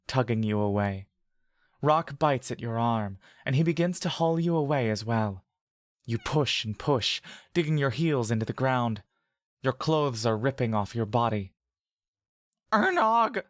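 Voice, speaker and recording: A man narrates a scripted second-person story with steady, vivid delivery. His voice sits in an ordinary middle range. The recording is close and dry, with no room sound. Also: mid-range voice, normal speed, no echo.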